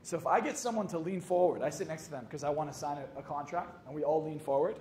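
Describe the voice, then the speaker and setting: High-voiced man telling jokey stories. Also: fast, a little mellow. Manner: swearing, jokey, acts out dialogue. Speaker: hypnotist and coach. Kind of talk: motivational storytelling talk. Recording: echoey room with faint noise.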